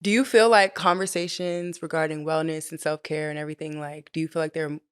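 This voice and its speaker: A young adult woman hosting a relaxed podcast chat, chatty and playful. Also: low voice, a little fast, clean tone, no echo, clean studio sound. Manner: chatty and playful, drops into whispers for a joke. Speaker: podcast host. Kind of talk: casual chat.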